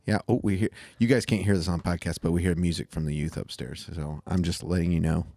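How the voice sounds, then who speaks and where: A man's voice: sits low, fairly even intonation, warm tone, dry recording, studio quality. A man co-hosting a casual church podcast, easygoing and joking, teasing on purpose. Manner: joking, deliberately annoying, easygoing. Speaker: podcast co-host. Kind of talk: casual chat.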